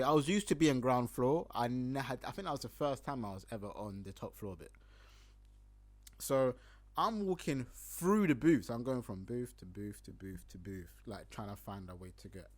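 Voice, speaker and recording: Lively young London man telling a story. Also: mid-range voice. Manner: animated, acts out his own lines loudly, laughs often. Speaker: podcast host. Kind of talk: casual storytelling monologue.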